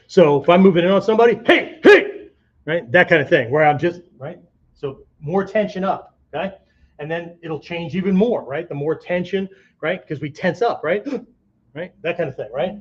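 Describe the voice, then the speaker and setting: A man teaching a martial arts whiteboard lesson, demonstrating shouts and vocal sounds and checking in with "right?" after nearly every phrase. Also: on the high side, normal speed, dull audio.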